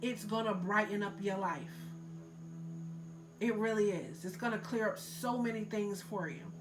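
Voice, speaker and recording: This tarot reader has a medium-pitched voice and a moderate pace, with noise in the background. Her casual reading is loose and heavy on fillers like "like" and "um," and she earnestly tells the listener to let go.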